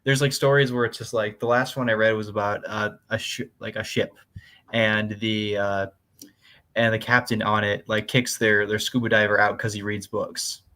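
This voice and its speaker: A young man co-hosting a casual comics chat, rambling with lots of fillers and quick laughs. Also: on the low side, level tone, sharp tone. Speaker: podcast co-host.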